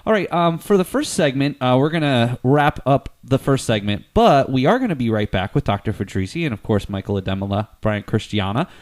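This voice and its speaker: A man hosting a college podcast, talking in a relaxed way and restarting his sentences. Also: medium pitch, a little fast, hardly any pauses. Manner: conversational, repeats words as he restarts. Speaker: podcast host, college faculty. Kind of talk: casual interview chat.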